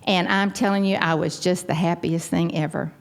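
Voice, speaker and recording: An older Texan woman speaks to a gathering, telling her own story with a low, gravelly voice. She acts out the people she quotes, her voice jumping up for each of them. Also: steady tone, normal speed. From Texas. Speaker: recovery meeting speaker. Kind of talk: personal testimony talk. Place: large hall.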